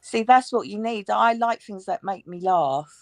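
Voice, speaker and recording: Woman guest, mid pitch, chatty and self-deprecating. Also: moderate pace, gravelly, dry recording. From England. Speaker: panel guest. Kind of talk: casual chat on a live stream.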